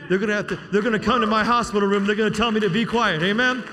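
Male pastor, high and sharp voice, shouts and asks for amens; church hall reverb. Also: fast, few pauses, faint music behind. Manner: shouting, call-and-response "amen?". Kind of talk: preaching a sermon. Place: church sanctuary.

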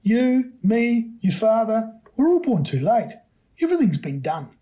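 A man voicing a worried, gentle mother who speaks in a soothing, pleading way, in a raised voice. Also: sits high, sing-song, unhurried, pitched above the performer's own voice.

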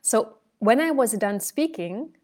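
A woman voice and speech coach talking casually, telling a story and shifting her loudness to illustrate her points. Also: fairly high pitch, animated, slow. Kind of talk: conversational coaching talk.

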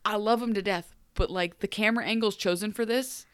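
Animated woman recapping with a laugh. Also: a little fast, clean tone, no echo. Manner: animated, acts out characters in high voices, laughs often. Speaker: podcast co-host. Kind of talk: casual recap chat.

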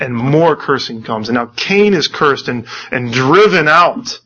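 A man's voice: mid-range voice, lively intonation, unhurried, hardly any pauses, sharp tone, highs cut off. A man preaching a sermon, earnestly reading scripture and commenting on it, often repeating words as he restarts.

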